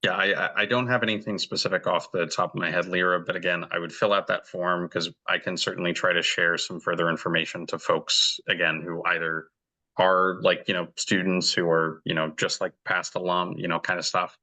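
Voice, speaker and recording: A man explaining student debt options in an online teach-in, measured with many fillers. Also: low voice, level tone, bright, forceful tone. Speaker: debt organizer. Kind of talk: explaining in a meeting.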